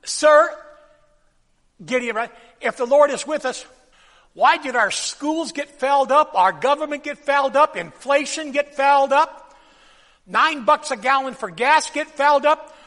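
A man preaching a sermon, swinging from loud bursts to hushed drops and having the congregation repeat phrases after him. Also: extremely high pitch, a little slow. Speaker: pastor. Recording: long hall reverb.

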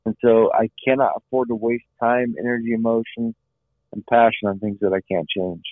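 A man's voice: medium pitch, little pitch movement, normal speed, dry recording. A middle-aged man, an interview guest, telling his own story in an earnest way, repeating phrases and often saying "you know". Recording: dry, phone-like line.

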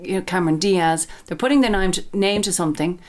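Give me a low-pitched woman talking wine, thoughtful and hesitant. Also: fast talker. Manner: thoughtful, hesitant with many restarts. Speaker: wine expert co-host. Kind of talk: casual chat.

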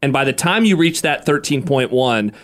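A man's voice: mid-range voice, lively intonation, moderate pace, a bit bright. A man hosting a running podcast, asking questions in a chatty, self-deprecating way. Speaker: podcast host. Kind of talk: casual interview chat.

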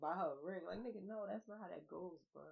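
A woman co-hosting a podcast in casual, slangy banter, loud and laughing as she swears and jokes. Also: lowish voice, quick pace, creaky, husky. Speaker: podcast co-host. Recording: slightly dull lo-fi podcast audio.

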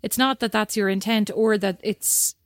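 An Irish woman co-hosting a podcast, chatting casually with an emphatic, teasing manner and quick laughter. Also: medium pitch, fairly even intonation, no echo, clean studio sound. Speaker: podcast co-host. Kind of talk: casual chat.

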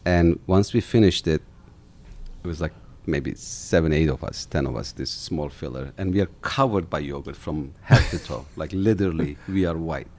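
A middle-aged man from Turkey, an animated storyteller who repeats words as he recounts his company's start in an interview. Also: a bass voice, moderate pace. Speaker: company founder guest.

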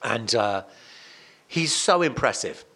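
Animated man telling a story. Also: mid-range voice, slow, breathy edge. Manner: animated and emphatic, frequent restarts and repetitions. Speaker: radio presenter and songwriter as podcast guest. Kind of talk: casual conversational storytelling.

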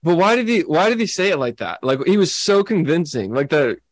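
A man's voice: fairly high pitch, big pitch swings, a little fast, dry recording. A man co-hosting a sports chat, amused and easygoing, reading quotes aloud. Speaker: podcast co-host.

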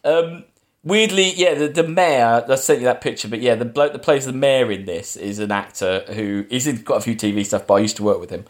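A man's voice: medium pitch, brisk. A man hosting a casual film podcast, rambling through a plot recap with lots of fillers and restarts. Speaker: podcast host.

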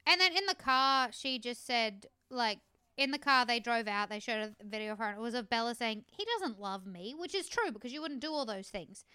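A woman co-hosting a casual podcast chat, blunt and quick with asides. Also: fairly high pitch, lively intonation, sharp tone, clean tone, no room sound, clean studio sound. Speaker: podcast co-host.

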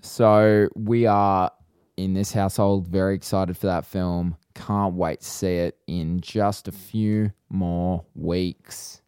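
A man co-hosting a podcast in casual chat, relaxed and explaining at length, and reading the show's sign-off. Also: low-pitched, takes it slowly, clean tone, no echo, clean studio sound. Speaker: podcast co-host.

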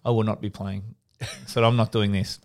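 A young Australian ex-footballer co-hosts a podcast, telling animated stories in casual chat and swearing freely. His voice is lowish at a normal speed, with slight background noise.

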